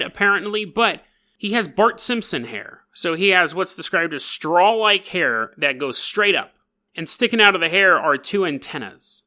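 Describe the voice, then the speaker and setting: A man hosting a podcast, retelling a strange story with jokes and acted-out quotes. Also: sits high. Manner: jokey, animated, acts out quotes. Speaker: podcast host. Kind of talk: comedic storytelling.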